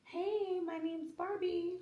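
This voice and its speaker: A woman's voice: fairly even intonation, slow pace, echoey room, lo-fi sound. A woman voicing a cheerful, girly talking fashion doll in pretend play with her child at home, sweet and bubbly. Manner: sweet, bubbly, high and soft.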